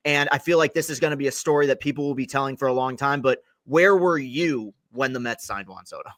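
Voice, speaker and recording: Young man, podcast host, bright voice, dry sound, long rambling questions. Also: medium pitch, quick pace, no echo. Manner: rambling, self-correcting, long wind-up questions. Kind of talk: casual interview podcast.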